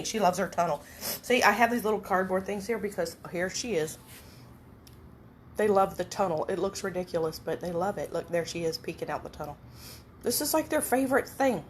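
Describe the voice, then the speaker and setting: A woman's voice: medium pitch, fairly quick, a little hiss or hum. A middle-aged woman chatting at home to the camera and her cats in sing-song baby talk. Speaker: home cooking vlogger. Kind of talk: casual chat to camera and pets. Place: home, indoors.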